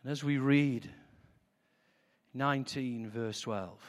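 A man preaching a sermon with passion, moving between hushed, prayerful lines and loud declarations. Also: medium pitch, fairly even intonation, takes it slowly, big-room sound.

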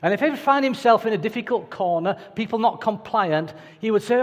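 A man's voice: sits high, animated, fast talker, few pauses. A man preaching a sermon in a conversational, anecdotal way with playful asides. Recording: reverberant hall.

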